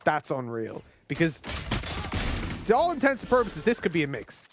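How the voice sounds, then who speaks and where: A man's voice: a little high, wildly swooping pitch, moderate pace, noisy background. A man with an Irish accent, commentating an esports match in a chatty, joking way with frequent laughs. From Ireland. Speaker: esports caster.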